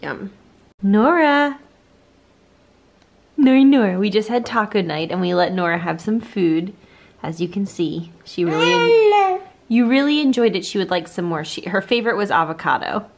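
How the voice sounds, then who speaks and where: A woman's voice: medium pitch, sing-song, moderate pace, vocal fry. A woman, a mother, chatting casually to the camera in her home kitchen, bubbly and laughing often, with rambling asides. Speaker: family vlogger and mother. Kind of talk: casual vlog chat to camera.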